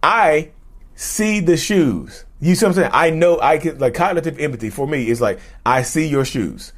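A man hosting his own vlog in casual, animated talk, rambling with slang and frequent restarts. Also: fairly high pitch, brisk. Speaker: YouTube host.

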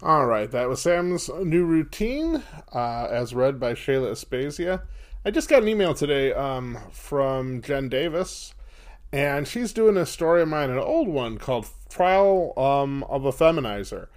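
A man's voice: mid-range voice, big pitch swings, unhurried. A man hosting a podcast, chatting casually with loose, filler-heavy phrasing. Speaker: podcast host. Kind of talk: casual chat.

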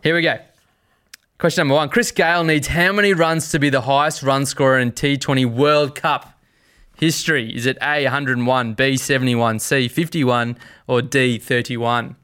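A man's voice: mid-range voice, steady tone, normal speed, a bit bright, smooth. An Australian man co-hosting a casual cricket chat, running betting tips and a quiz with joking, upbeat banter. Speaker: podcast co-host running the quiz.

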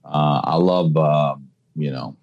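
A man's voice: extremely low pitch, slow pace, gravelly, muffled recording. A man, a comedian guest on a podcast, chatting casually and telling stories with plenty of swearing. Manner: storytelling, swearing freely, animated quotes.

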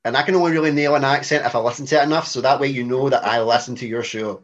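A man's voice: medium pitch, steady tone, racing. Glaswegian man, 30s, rambling podcast guest, dull lo-fi call audio. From Scotland. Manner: rambling, swearing, self-mocking. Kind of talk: casual storytelling chat.

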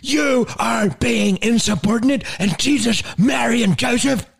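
A stern old nun barks clipped orders in a half Irish accent, as a man puts her on. The voice sits high and scolds, with a gravelly edge. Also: measured pace, heavily acted. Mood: scolding. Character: stern old woman nun teacher, strict.

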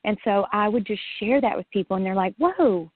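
A woman's voice: mid-range voice, quick pace, dry recording. A woman guest telling her own story in a casual interview, acting out what she once said and laughing often. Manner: lively, acts out her own past remarks, laughs often. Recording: dry, phone-like line.

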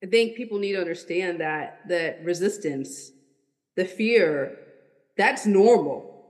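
High-voiced male host, sarcastic. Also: animated, slow pace, long reverb tail. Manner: sarcastic, joking asides. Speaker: podcast host. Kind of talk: casual interview talk.

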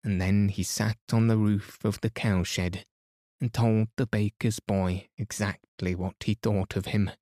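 A man reading a classic children's story aloud as a calm, soothing bedtime narration. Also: on the low side, a little slow, no room sound, clean studio sound. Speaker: podcast host and reader.

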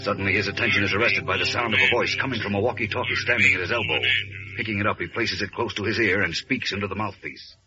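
A man narrates a 1940s radio drama in a low, dramatic, suspenseful voice. The old recording sounds muffled, with music playing clearly behind him. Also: fast talker.

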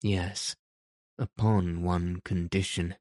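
A man's voice: low-pitched, slow pace, no room sound, studio quality. A cool, resolute young prince, as a man reads him. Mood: cool, polite. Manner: calm, cool and polite. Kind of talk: audiobook character reading.

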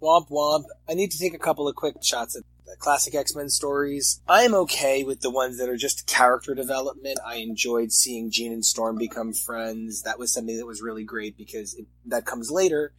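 A man in casual chat about comics, animated and often exasperated as he reviews the stories. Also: medium pitch, brisk, hardly any pauses, slightly rough, no room sound, low-quality recording. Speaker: comic podcast co-host.

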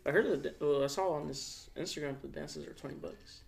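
A man's voice: fairly high pitch, normal speed, gravelly, a little mellow. A young man co-hosting a podcast, firing off teasing questions and crude jokes. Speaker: podcast co-host. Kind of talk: casual chat.

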